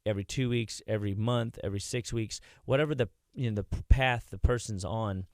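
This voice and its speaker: A man with a low voice tells long, rambling stories as a guest on a radio talk show. He restarts often and chats casually. The sound is dry and close, with no room echo. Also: fairly quick, darkish tone. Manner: chatty, rambling anecdotes with many restarts. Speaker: health clinic practitioner, radio guest. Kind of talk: casual radio interview storytelling. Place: radio studio.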